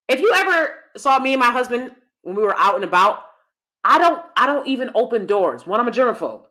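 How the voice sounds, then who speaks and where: A woman's voice: a little high, very animated, moderate pace, bright, forceful tone. Blunt, sassy woman live-streaming. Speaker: host.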